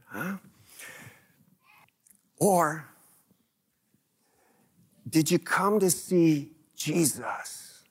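A male pastor preaching a lively, conversational sermon, asking the congregation question after question. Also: a little high, extremely slow, long pauses, slightly rough.

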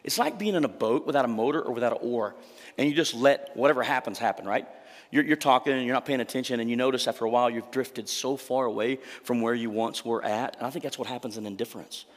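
A man's voice: medium pitch, quick pace. A male pastor delivering a sermon in an emphatic, conversational way, often tossing rhetorical questions to the congregation. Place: church sanctuary. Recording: reverberant church hall.

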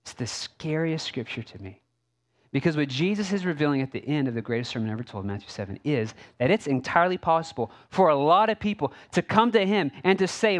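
A man's voice: on the high side, expressive, fairly quick. A male pastor preaching a sermon in a conversational way, with asides and rhetorical questions.

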